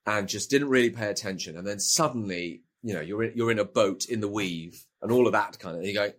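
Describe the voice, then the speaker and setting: A man, a voice actor, answering interview questions and telling anecdotes with lively acted-out asides. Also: fairly low pitch, fast, hardly any pauses. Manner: animated storyteller, acts out quoted lines. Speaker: video game voice actor, guest.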